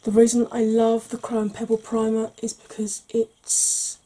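A woman hosting a soft-spoken ASMR makeup tutorial, chatty and explanatory, sometimes dropping into a whisper. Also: fairly high pitch, completely flat delivery, unhurried, background noise.

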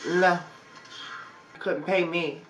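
A woman reacting to a movie in casual commentary, expressive and exclamatory, laughing often. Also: fairly low pitch, slow. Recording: roomy echo with faint music.

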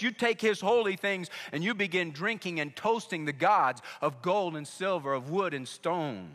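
A man's voice: fairly high pitch, big pitch swings, moderate pace, few pauses, sharp tone. A man preaching a sermon as pastor, telling stories and urging listeners directly with emphatic warnings. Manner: emphatic, storytelling, direct address. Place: church sanctuary. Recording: echoey church hall.

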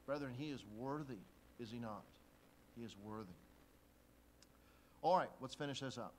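A man preaching a sermon as a pastor, shifting from quiet, intimate talk to loud emphasis. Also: mid-range voice, moderate pace.

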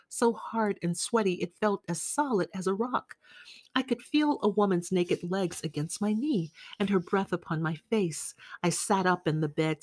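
A woman reading a literary novel aloud in a measured, unhurried way. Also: on the low side, a little mellow, no echo. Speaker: audiobook reader. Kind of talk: literary audiobook narration.

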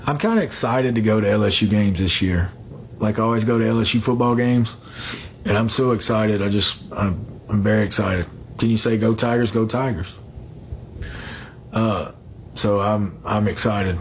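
A man's voice: lowish voice, moderate pace, slight background noise. A man chatting casually on a phone livestream. He rambles, fills the gaps with "uh", and greets viewers by name.

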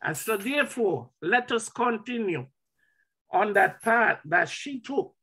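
Slow, halting man with a high, bright voice. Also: animated, slightly rough. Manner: halting, stammering, then rising fervent. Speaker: family member speaking at a memorial. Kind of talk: memorial tribute with preaching.

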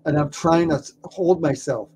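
A man who is a documentary filmmaker, telling a story in an interview with lively stammers and repeated words. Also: a little high, moderate pace, slight background noise.

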